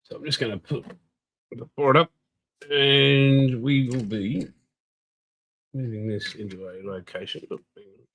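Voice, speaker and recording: A man's voice: medium pitch, fairly even intonation, a little slow, long pauses, a bit bright, poor audio. An older Australian man, tired, hosting a live stream and rambling casually while greeting viewers. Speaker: livestream host.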